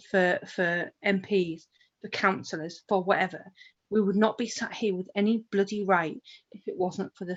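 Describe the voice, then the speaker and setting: Forceful woman on a lo-fi stream. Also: medium pitch. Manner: forceful and emphatic. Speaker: panel guest. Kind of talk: passionate political discussion. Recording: dull lo-fi stream audio.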